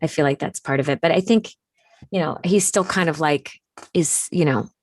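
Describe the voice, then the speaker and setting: A woman's voice: low voice, normal speed, dry recording, studio quality. A woman guesting on a podcast from home, chatting casually and rambling with plenty of fillers. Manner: relaxed, rambling, many fillers. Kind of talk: casual chat. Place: home, remote call.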